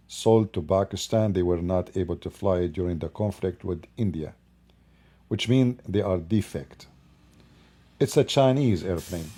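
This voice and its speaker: Male host, solo commentary into his own mic, low and mellow, insistent and repetitive. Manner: emphatic, builds repetitive lists. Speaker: channel host commenting on politics. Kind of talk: unscripted commentary monologue. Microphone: own microphone.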